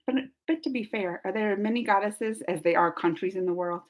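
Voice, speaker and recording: A woman's voice: medium pitch, fairly quick. A woman hosting a casual live chat, talking in a chatty, rambling way and filling her sentences with "like.". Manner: chatty and rambling, says "like" a lot. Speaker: live-stream host reading chat.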